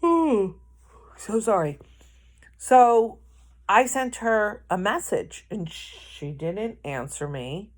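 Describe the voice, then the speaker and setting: A woman's voice: mid-range voice, animated, slow pace. A woman telling a rambling personal anecdote in a casual vlog, correcting herself as she goes. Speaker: vlogger. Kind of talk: casual storytelling.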